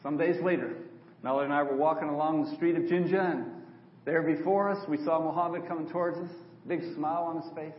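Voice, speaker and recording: A man's voice: fairly high pitch, a little fast. An older man, a preacher, telling a story in a sermon and acting out the dialogue. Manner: animated storyteller, quotes others in dialogue. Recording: echoey hall from far off, dull.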